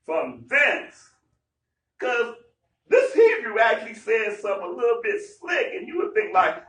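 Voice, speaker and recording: A high-voiced man teaches scripture to a gathering in an animated, emphatic way, acting out the people in the story. He is heard from off the mic in an echoing room. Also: measured pace, far from the mic. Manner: lively, acts out dialogue, slangy and emphatic. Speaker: teacher leading a Bible study. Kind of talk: animated sermon-style Bible teaching. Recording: echoey room, heard from afar.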